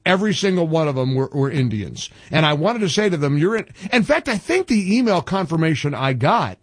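A man hosting talk radio, ranting in an animated, rapid-fire way with frequent restarts. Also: fairly high pitch, breathy edge, no room sound. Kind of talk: opinionated talk radio banter.

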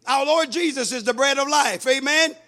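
High, bright-voiced preaching man. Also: normal speed. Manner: emphatic preaching, quoting scripture, rising to shouts. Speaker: pastor. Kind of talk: sermon.

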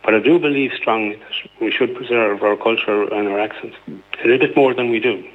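A man's voice: lowish voice, a little fast. A man with an Irish accent calling into a radio show, earnest and hesitant, with many fillers. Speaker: caller. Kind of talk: phone-in call. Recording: tinny phone line.

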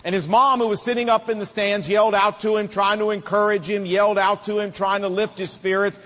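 Middle-aged man, sermon, emphatic repeated phrases, high voice, long reverb. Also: level tone, fairly quick, fairly bright tone. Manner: emphatic, repetitive preaching cadence. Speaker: preacher.

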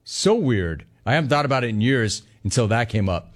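Middle-aged male sports talk host, casual, jokey, animated storyteller, mid-pitched voice. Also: a little fast, few pauses. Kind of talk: casual call-in radio talk.

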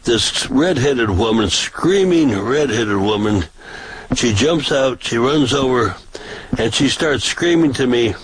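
A man who preaches on the street, telling stories from his protests in a casual, animated way. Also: slow, slightly rough, poor audio. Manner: animated, pitch jumps for quoted voices. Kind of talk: casual storytelling.

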